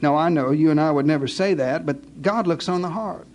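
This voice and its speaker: A man preaching a sermon, retelling a scripture story with wisecracks, theatrical flair and hushed dramatic pauses. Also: on the high side, a little hiss or hum.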